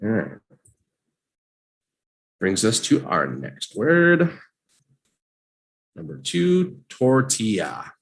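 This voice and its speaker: A man teaching vocabulary in a live online lesson, saying each word slowly, having listeners repeat it, and reading out its definition. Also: medium pitch, vocal fry. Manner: slow and animated, drills words with repeat-after-me prompts. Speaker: English teacher.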